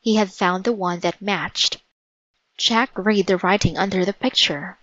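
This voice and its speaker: A woman reading a children's chapter book aloud as narrator, in a slow, deliberate storytelling manner. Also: medium pitch, steady tone, fairly bright tone, no echo, dull audio. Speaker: storybook reader.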